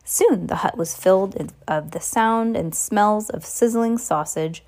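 A woman's voice: medium pitch, measured pace, darkish tone. A woman reading a novel aloud in an unpolished way, with slips and asides to a listener. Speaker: reader.

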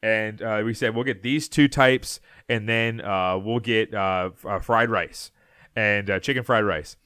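A man's voice: fairly low pitch, steady tone, measured pace, sharp tone, clean tone, dry recording, studio quality. A man co-hosting a podcast, telling a long story in a loose, rambling way, often laughing and restarting his sentences. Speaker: podcast co-host. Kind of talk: casual storytelling chat.

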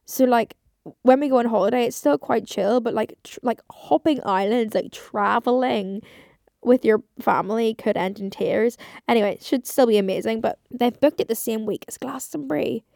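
A woman's voice: fairly high pitch, normal speed, vocal fry, mellow, dry recording, clean studio sound. A woman in her twenties hosting a casual solo podcast, rambling and chatty, swearing often and saying "like" constantly. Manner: rambling, chatty, swears a lot, heavy use of like. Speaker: podcast host.

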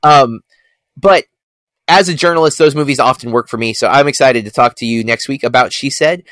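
A man's voice: mid-range voice, a little fast, a bit bright, no echo. A man co-hosting a film podcast, talking casually with many fillers and self-corrections. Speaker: podcast co-host.

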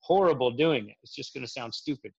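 A man's voice: mid-range voice, lively intonation, a little fast, creaky, a little mellow, slightly rough. Middle-aged man, frank and rambling. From Central Florida. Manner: rambling, self-correcting, frank. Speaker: military veteran guest. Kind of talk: casual interview talk. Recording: slightly dull lo-fi audio.

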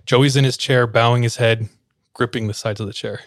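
A man's voice: mid-range voice, steady tone, moderate pace, no echo, studio quality. Man casually telling an eerie story. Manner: loose and conversational, many filler "like"s, acts out quoted lines.

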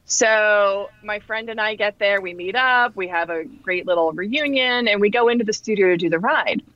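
A woman in her forties from New Jersey, a podcast guest telling a story in a chatty, animated way with fillers. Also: medium pitch, normal speed, no room sound, lo-fi sound. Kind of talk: casual storytelling.

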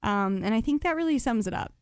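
A woman's voice: on the high side, lively intonation, quick pace, clear, resonant tone, no echo, clean studio sound. A woman co-hosting a casual pop-culture chat, wry and chatty, with lots of filler words. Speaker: podcast co-host.

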